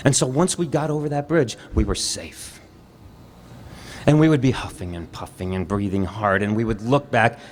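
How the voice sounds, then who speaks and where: A man performing a reflective personal story live on stage, measured and pausing. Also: medium pitch, a little hiss or hum.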